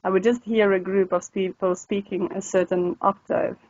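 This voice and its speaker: A woman's voice: mid-range voice, level tone, moderate pace, a little mellow, dry recording. A woman in her thirties from South Africa, a native Afrikaans speaker with a South African accent, chatting casually in an interview as a language tutor and laughing often. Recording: dull lo-fi dry sound.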